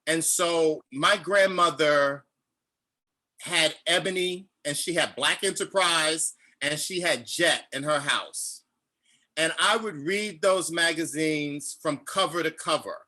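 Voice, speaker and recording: Male author, Chicago-raised, virtual book talk, emotional storyteller with a bright, high voice. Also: slow. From Chicago, United States. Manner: animated storytelling, acts out quotes; emotional, near tears. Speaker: author, interview guest.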